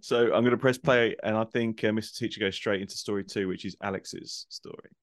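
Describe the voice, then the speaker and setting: A man co-hosting a comedy podcast, excitable and stumbling over his words as he jokes. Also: lowish voice, a little fast, dry recording, clean studio sound. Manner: excitable, stammers when worked up. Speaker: podcast co-host. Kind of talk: casual banter.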